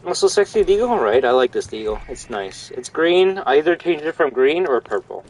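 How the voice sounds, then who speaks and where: A man's voice: on the high side, sing-song, fairly quick, darkish tone, recorded from a distance, low-quality recording. A young man from Canada, a gaming streamer, chatting casually and rambling through gameplay commentary, swearing freely.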